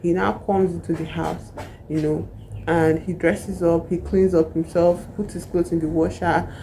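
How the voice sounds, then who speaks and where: A woman's voice: on the low side, level tone, unhurried, creaky, dark tone, slight background noise, low-quality recording. A woman, casually retelling a novel's plot in a rambling way full of asides. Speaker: book reviewer.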